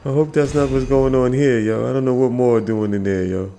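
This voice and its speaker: A man's voice: medium pitch, steady tone, a little fast, vocal fry, dark tone, reverberant. A man giving casual, slangy commentary while playing a video game, chatting to the characters on screen. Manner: laid-back, slangy, talks to game characters.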